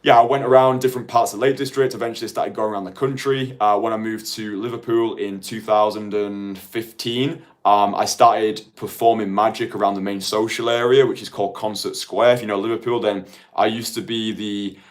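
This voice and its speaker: A man's voice: lowish voice, steady tone, a little fast, few pauses. A man in his late twenties, a dating coach talking casually to viewers in a rambling way full of "like". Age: late 20s. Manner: chatty, rambling, heavy use of "like".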